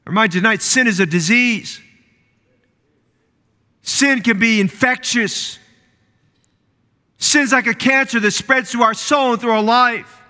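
A man delivers a sermon with a very high, bright, forceful voice. He drives his points home by repeating phrases with rising fervor. His words ring out with long reverb in a church hall. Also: a little slow, long pauses. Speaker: pastor. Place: church sanctuary.

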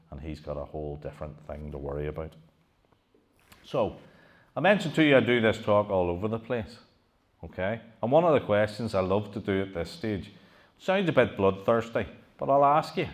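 Deep-voiced man giving a lively talk. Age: middle-aged. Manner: animated, rhetorical questions, frequent restarts. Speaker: lecturer giving a museum talk. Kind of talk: public history talk to an audience.

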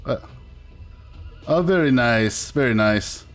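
A man's voice: medium pitch, expressive, takes it slowly, soft background music. A man voicing Bruno, a bumbling, polite Italian man with a put-on Italian accent and broken English who keeps apologizing. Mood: worried. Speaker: roleplay player. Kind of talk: voiced online roleplay in character.

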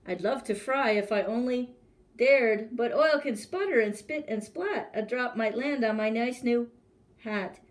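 A woman voicing a timid, trembling male cook who wails in a shrill, panicky voice. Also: a little slow, lightly acted. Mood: scared.

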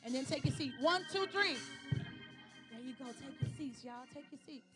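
A woman's voice: high-pitched, fairly even intonation, moderate pace. A young woman leading youth worship, calling out chants and then talking casually with the congregation in a church service. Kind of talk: call-and-response worship and sermon. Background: loud worship music.

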